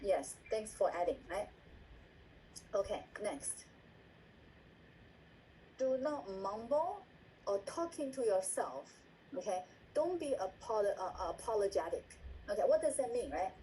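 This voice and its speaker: Trainer: woman, dark-toned and repetitive, acts out examples, video-call sound with faint hiss. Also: mid-range voice, big pitch swings, measured pace, long pauses, poor audio. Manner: repeats words, asks "right?" often, acts out example lines. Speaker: meeting trainer. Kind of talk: instructional talk on a video call.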